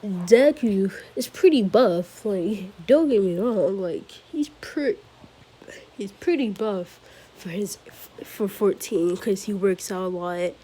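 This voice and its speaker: A woman's voice: medium pitch, animated, slow, dark tone, husky. A woman improvising a fan-fiction story, rambling and correcting herself as she goes, with fillers and small giggles.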